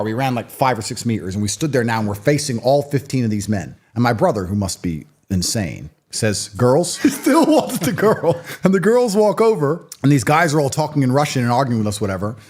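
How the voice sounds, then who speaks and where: A man in his late thirties talks quickly and with real push, his pitch leaping up and dropping low as he makes a point. He speaks as a guest in a casual interview. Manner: emphatic, animated storytelling.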